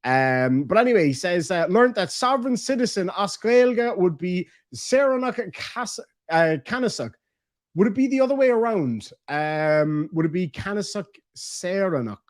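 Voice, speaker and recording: A man's voice: high-pitched, no echo, clean studio sound. A man with an Irish accent hosting a livestream, reading out viewer messages in a casual, joking, playfully crude way. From Ireland. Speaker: livestream host.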